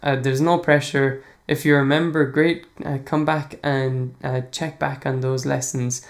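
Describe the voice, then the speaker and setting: An Irish man hosting a language podcast. He answers listener questions in a casual, relaxed way, chuckling often and pausing on fillers. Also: mid-range voice. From Ireland. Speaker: podcast host.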